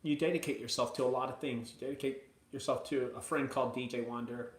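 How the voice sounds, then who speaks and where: A man hosting a live video from his mother's house, chatting casually and excitedly to viewers, rambling between hype and emotion. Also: mid-range voice, fast talker, reverberant. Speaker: junk removal business owner hosting a live video.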